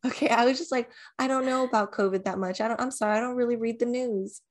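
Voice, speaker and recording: A woman's voice: on the high side, fairly even intonation, fast. A young woman co-hosting a podcast, chatting casually, laughing and swearing as she acts out little scenes. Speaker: podcast co-host. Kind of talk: casual chat.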